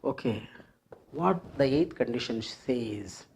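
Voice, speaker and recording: An English grammar teacher explaining a rule at the board, patiently repeating each phrase and example several times and pausing often with fillers. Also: medium pitch, lively intonation, gravelly, darkish tone, slightly rough. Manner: explains step by step with frequent fillers. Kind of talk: classroom grammar lesson at a board.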